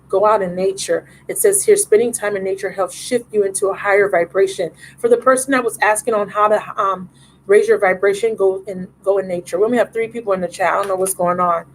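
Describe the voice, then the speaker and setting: A woman's voice: mid-range voice, a little hiss or hum, poor audio. A woman hosting a live tarot reading stream in a casual, affectionate way, calling viewers baby and love.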